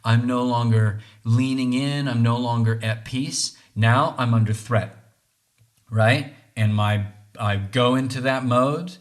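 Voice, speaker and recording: A man's voice: medium pitch, fairly even intonation, slow. A man hosting a podcast, talking through relationships in an earnest, reflective monologue, often restarting phrases and checking in with "right?". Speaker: podcast host.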